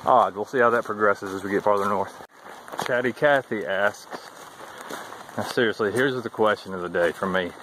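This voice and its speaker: A man with a drawl talks in a lowish voice as he walks a wooded trail, thinking out loud with a wry, chatty ease. A faint wash of outdoor ambience sits under his voice. It is an informal walking vlog filmed on a handheld camera. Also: normal speed, background noise. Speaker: thru-hiker vlogger.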